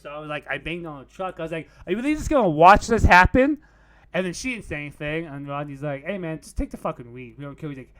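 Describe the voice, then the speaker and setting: A man's voice: on the high side, a bit bright, no room sound. A young man casually telling a rambling story on a podcast. He peppers it with "like" and curse words and laughs at his own tale.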